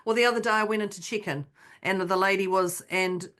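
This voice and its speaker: A woman's voice: medium pitch, a little fast. A woman, co-hosting a podcast and telling a personal story in casual chat, acting out what she and others said. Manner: animated storyteller, acts out her own quotes. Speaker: podcast co-host.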